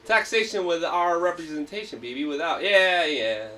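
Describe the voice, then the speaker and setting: A man hosting a casual livestream, rolling from chat into hyped, profane rants. His voice sits high with a bright, sharp edge. He sounds a little away from the mic. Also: expressive, moderate pace, distant mic. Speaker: livestream host.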